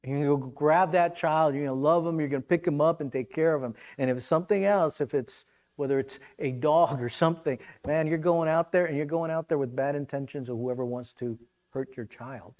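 A middle-aged male pastor preaching a conversational, impassioned sermon, swinging from loud declarations to hushed asides. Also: on the high side, a little fast.

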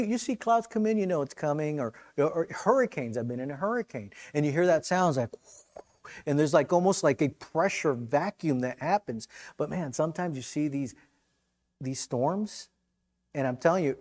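Middle-aged pastor guy preaching, fairly high voice, gets loud then drops quiet, chatty and fired up. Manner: impassioned, conversational preaching with big swings in loudness. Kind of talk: sermon.

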